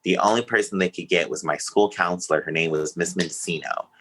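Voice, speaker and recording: A man's voice: low voice, brisk, fairly bright tone, poor audio. A man, a podcast guest, telling a painful personal story in an earnest, emotional way.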